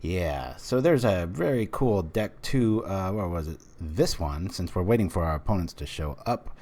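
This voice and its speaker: A deep, low-pitched man from the United States commentates his card-game stream. He talks in a loose, rambling way, full of fillers and side remarks. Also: lively intonation, normal speed, a little mellow. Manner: rambling, many fillers, chatty.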